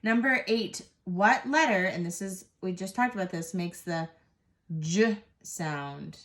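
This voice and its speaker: A woman teaching a first grade phonics lesson, sounding out letters slowly and patiently and praising the class. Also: medium pitch, fairly bright tone.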